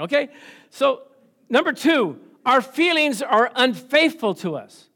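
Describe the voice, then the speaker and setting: A middle-aged man preaches in a church, with a voice that sits notably high for a man. He keeps the tone conversational, acts out quoted voices and chuckles often. He keeps calling on the congregation for amens. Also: big pitch swings, unhurried, pushed and bright. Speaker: pastor. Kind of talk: sermon.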